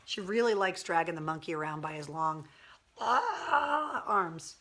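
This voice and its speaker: A woman's voice: fairly low pitch, expressive, a little slow, fairly bright tone, slight background noise. A woman hosting a casual livestream, chatting candidly and swearing cheerfully as she answers viewer comments. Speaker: livestream host. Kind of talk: casual live chat reading viewer comments.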